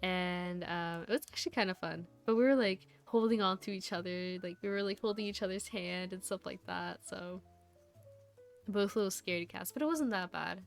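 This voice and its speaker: Woman, VTuber streamer, casual rambling chat, giggly, lots of fillers, mid-pitched voice, faint music behind. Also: normal speed, creaky. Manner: rambling storytelling with frequent laughs and fillers.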